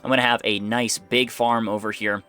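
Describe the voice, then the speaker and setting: A man's voice: on the low side, little pitch movement, normal speed, pushed and bright, smooth. A young man giving casual, rambling commentary to himself while playing a building game. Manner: rambling, self-talking, easily startled. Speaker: gaming YouTuber. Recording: faint background music.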